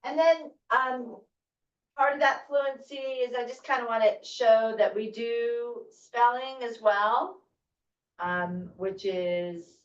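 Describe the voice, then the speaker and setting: Slow, encouraging woman teacher, echoey. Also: fairly high pitch. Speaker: first grade teacher. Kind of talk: demonstrating a classroom reading routine to parents. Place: school room presenting to parents. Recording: roomy, distant, dull sound.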